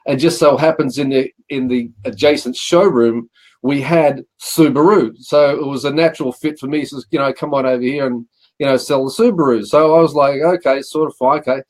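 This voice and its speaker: Briskly and in a medium-pitched voice, a middle-aged Australian guest rambles through stories from his working life. He acts out what people said, leaning on a repeated "he says", in a casual interview setting.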